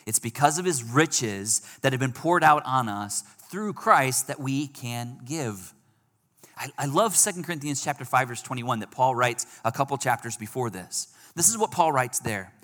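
A man preaching a sermon, telling a personal story that moves between hushed and emphatic passages. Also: mid-range voice, animated, moderate pace. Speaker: pastor. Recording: long hall reverb.

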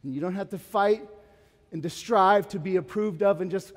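A man in his thirties delivers a sermon in a slightly high voice, animated and conversational, building to urgent peaks and falling to hushed moments. His words ring out with a long reverb, as if in a church sanctuary. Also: moderate pace. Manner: animated, rising to urgent emphasis and dropping to quiet; conversational asides with casual fillers. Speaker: pastor.

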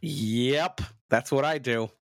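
A man's voice: mid-range voice, slow, dry recording, clean studio sound. A man co-hosting a podcast, telling self-mocking stories in casual banter. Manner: self-mocking, animated storyteller. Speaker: podcast co-host.

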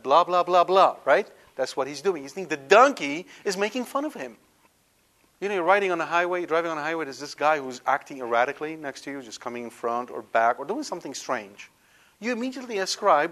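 Animated male Bible teacher. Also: on the high side. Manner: animated, rhetorical questions. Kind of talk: Bible study lecture.

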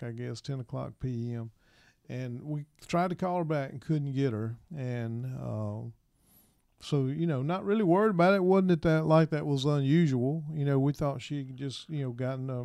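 A middle-aged man and minister, telling his personal story in an interview in a soft, halting way, with many pauses and restarts. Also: mid-range voice, clear, resonant tone, no room sound.

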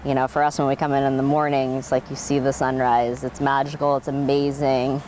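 Woman, 30s, from Oregon, interviewee, low voice, animated storyteller. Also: brisk, a little hiss or hum. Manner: animated, laughs often, many fillers. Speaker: interviewee, winemaker. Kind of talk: oral history interview, casual storytelling.

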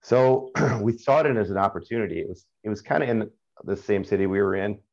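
Middle-aged guy, very deep voice, candid rambling talker with profanity, dull lo-fi recording. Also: fairly quick, vocal fry, darkish tone. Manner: rambling, frequent fillers and profanity. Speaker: caller sharing a personal story. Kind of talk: casual candid storytelling. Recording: dull lo-fi sound.

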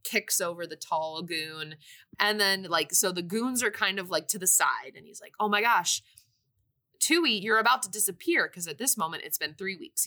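A woman co-hosting a podcast, casually recapping a movie's plot with lively quoted lines. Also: on the low side. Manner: animated retelling with quoted voices. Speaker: podcast co-host.

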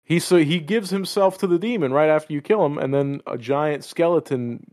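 Profane, animated male podcast host. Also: a little high, normal speed. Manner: profane, animated storytelling with voiced quotes. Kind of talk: casual gaming chat.

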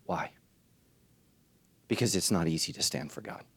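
A male pastor delivering a sermon in church, swinging from hushed, low lines to high, shouted ones with urgent repeated refrains. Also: fast talker, breathy edge, dry recording.

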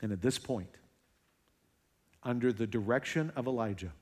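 A young man preaching a sermon, telling a story with lively sarcastic asides and dropping to hushed, intense moments. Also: mid-range voice, moderate pace, breathy edge. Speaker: pastor.

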